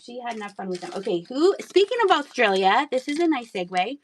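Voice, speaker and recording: A woman's voice: a little high, very animated, quick pace, a little hiss or hum. A woman in her thirties chatting casually while selling items on a live stream, laughing often and talking to viewers. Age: 30s. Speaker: live auction seller.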